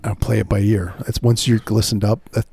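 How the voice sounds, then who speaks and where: Brief: man, warm low voice, laid-back deadpan podcast co-host. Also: brisk, gravelly, husky. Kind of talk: casual comedic banter.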